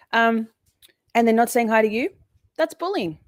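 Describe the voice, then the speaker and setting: A woman's voice: on the high side, expressive, moderate pace, no room sound, studio quality. A woman hosting a casual livestream, rambling and chatty, swearing freely and breaking off to greet her chat. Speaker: livestream host.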